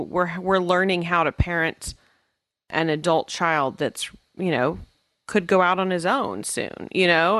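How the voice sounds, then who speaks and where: A woman's voice: fairly low pitch, a bit bright, no echo. A woman in her forties co-hosting a casual parenting podcast, chatty and thinking aloud. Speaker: podcast co-host.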